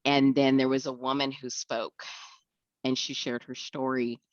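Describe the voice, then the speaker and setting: A woman's voice: extremely low pitch, flat delivery, measured pace, dry recording, muffled recording. A young woman tells her recovery story in a candid way, acting out the voices of the people she quotes and often laughing.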